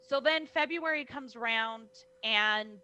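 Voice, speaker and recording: A young woman, a wrestler, telling her story in an animated interview, acting out the people in it, heard over a video call. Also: a little high, slow, lo-fi sound. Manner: lively, acts out voices in her stories, many "like"s. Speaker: guest, professional wrestler.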